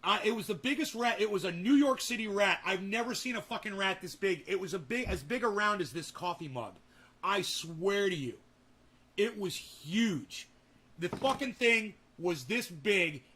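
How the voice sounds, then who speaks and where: A man's voice: high-pitched, bright, forceful tone. A man telling rambling, profanity-laden stories in a casual home vlog. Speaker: vlogger. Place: home with garden and indoor grow.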